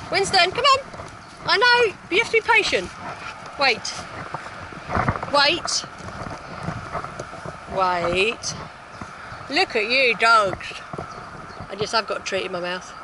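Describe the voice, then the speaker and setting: Woman, dog trainer, high lively voice, sing-song praise, outdoors, phone recording, loud background noise. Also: takes it slowly, pauses often. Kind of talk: live-streamed dog walk commentary. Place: outdoors in a park.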